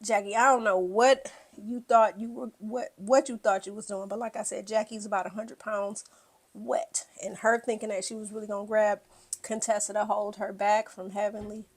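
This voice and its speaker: A woman's voice: mid-range voice, normal speed. A woman giving a casual, blunt and profane recap of a reality show, acting out what people said. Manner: animated, blunt and profane, acts out quotes.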